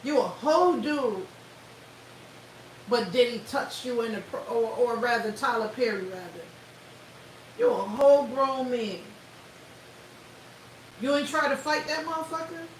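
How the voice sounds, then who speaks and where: A woman hosting a livestream offers blunt, profane commentary, laughing often. Her voice is on the high side, unhurried, with frequent pauses, and she sounds far from the mic in an echoey room with faint hiss.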